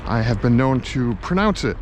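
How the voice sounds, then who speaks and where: A man narrating a casual vlog as he explores an old industrial site, musing and halting with many fillers, from a helmet-mounted camera. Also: mid-range voice, lively intonation. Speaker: vlogger exploring a historic site. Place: outdoors near rail lines and traffic. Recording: outdoor noise, traffic. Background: clear street and vehicle noise.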